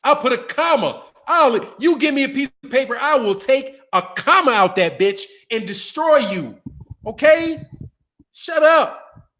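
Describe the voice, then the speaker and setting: High-pitched man, boxing commentator, animated trash-talking rant. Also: moderate pace. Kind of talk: casual rant to camera.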